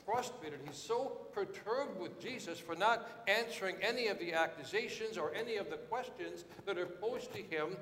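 A man preaching a sermon with dramatic swings, rising to shouted quotes and dropping low and quiet. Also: moderate pace, few pauses, echoey room, in a large hall, slight background noise.

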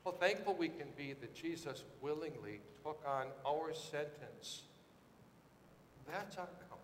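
A man preaching a sermon with dramatic swings, rising to shouted quotes and dropping low and quiet. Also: lively intonation, unhurried, roomy sound, in a large hall, a little hiss or hum.

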